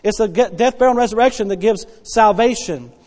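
A man preaching a sermon as pastor, emphatic and repetitive, dropping soft then rising loud to stress his points. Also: sits high, a little fast. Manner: emphatic preaching, repeats key phrases, swings between soft and loud. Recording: long hall reverb.

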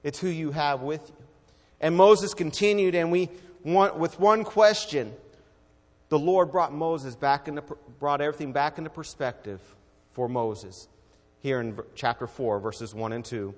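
A man with a high-pitched voice preaches an evening church sermon, pressing hard on his points before dropping into a hushed, quiet delivery. His voice rings out with a long reverb from the church hall around him. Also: unhurried. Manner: fervent, swings between loud exhortation and hushed quiet.

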